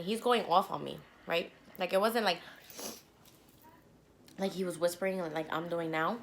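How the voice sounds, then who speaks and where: A young woman vlogger telling a story to the camera between bites, animated and blunt, with the odd swear word. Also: lowish voice, moderate pace, slight background noise. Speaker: mukbang vlogger. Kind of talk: storytime chat while eating.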